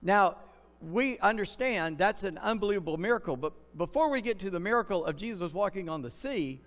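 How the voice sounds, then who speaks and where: A man's voice: sits high, expressive, fairly quick, a bit bright. A man preaching a sermon in a conversational way, putting questions to his listeners. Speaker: pastor. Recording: long reverb of a large hall.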